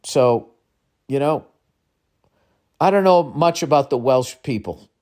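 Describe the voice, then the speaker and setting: A man's voice: medium pitch, lively intonation, slow. A man hosting a comedy advice podcast, ranting with lots of swearing and exasperated outbursts that drop into mutters. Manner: swearing, exasperated, swings between loud and muttering. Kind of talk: profane comedic rant.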